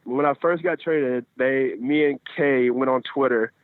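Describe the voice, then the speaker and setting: A man's voice: mid-range voice, measured pace, no room sound. A young man in his twenties talks over a tinny phone line with a dry, close sound. He answers in an easygoing way and often loops back to restart his phrases. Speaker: guest baseball pitcher. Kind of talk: casual interview answers. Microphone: phone call.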